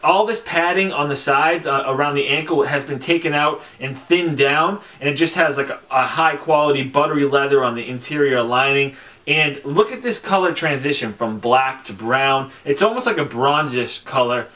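A young man talking casually on camera about his sneaker collection, chatty and relaxed, with lots of fillers and slang. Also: a little high, normal speed. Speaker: sneaker vlogger. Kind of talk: casual product review.

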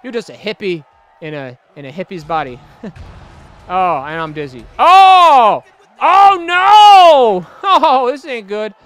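Excitable jokey man commenting on gameplay. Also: very high voice, takes it slowly, clear, resonant tone, no room sound. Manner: excitable, jokey, laughs often. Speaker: gaming channel host. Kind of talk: let's play commentary.

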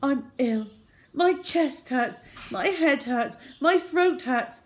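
A woman voicing a sly schoolboy faking illness in a children's story, shrill and pleading. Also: expressive, takes it slowly.

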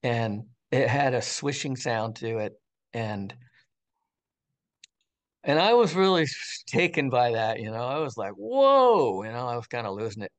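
Older male interview guest, casual storyteller, rambling with lots of "you know", mid-pitched voice. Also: normal speed, long pauses. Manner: animated, rambling storyteller with frequent fillers and restarts.

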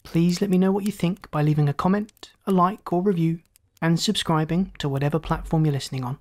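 A storyteller host reads a classic tale as scripted narration, sounding calm and inviting. The middle-pitched voice moves steadily and fairly quickly through the prose.

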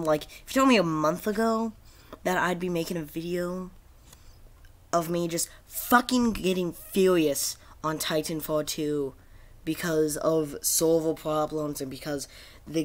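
A man ranting in frustration about a video game, swearing constantly and rambling with many fillers and restarts. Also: a little high. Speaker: gaming video creator. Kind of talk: angry gaming rant.

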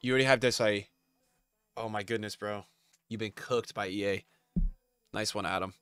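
A man's voice: fairly low pitch, fairly even intonation, normal speed, fairly bright tone, clear, resonant tone, no echo. A young man streaming a pack opening, hyped and chatty, talking straight to his chat. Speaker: gaming streamer.

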